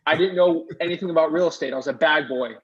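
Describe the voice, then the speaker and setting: A young man telling a fast, excited story as a guest, acting out the other people's voices as he quotes them. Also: a little high, slightly rough. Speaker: guest investor. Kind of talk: animated storytelling. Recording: dull lo-fi sound.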